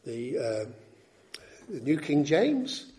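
A man's voice: on the high side, very animated, takes it slowly, a little mellow. A man preaching an expository sermon, teaching in an emphatic, teacherly way and repeating key phrases for weight.

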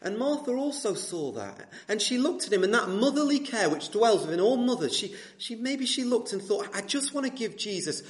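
A man's voice: sits high, very animated, normal speed, hardly any pauses. A man in his twenties preaching a sermon to a congregation, asking rhetorical questions and repeating phrases for emphasis. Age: 20s. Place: church hall with congregation.

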